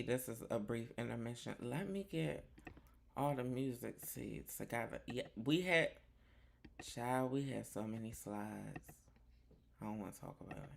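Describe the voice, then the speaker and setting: A man's voice: mid-range voice, gravelly, fairly bright tone. A male livestream host doing chatty, flamboyant commentary, calling the chat "honey" and "child". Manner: talks to the chat.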